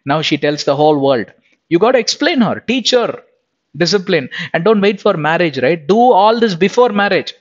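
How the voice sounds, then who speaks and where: A man's voice: fairly high pitch, lively intonation, normal speed, muffled recording. A man preaching a sermon, impassioned and scolding, often repeating himself as he presses his point.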